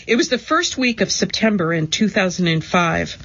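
A woman giving a steady, measured scripted narration of magazine articles. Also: medium pitch, highs cut off.

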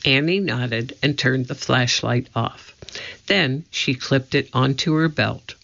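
A man reading a children's book aloud in a slow, measured storytelling manner. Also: mid-range voice, gravelly, bright, forceful tone, lo-fi sound. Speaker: narrator.

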